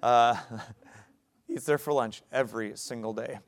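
A man's voice: medium pitch, unhurried. A young adult male pastor preaching a sermon, talking conversationally and building to emphatic points.

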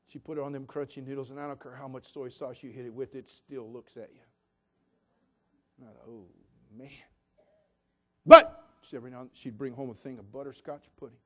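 A man's voice: mid-range voice, steady tone, quick pace. An older man preaching a sermon in a folksy, homespun storytelling way with fervent conviction.

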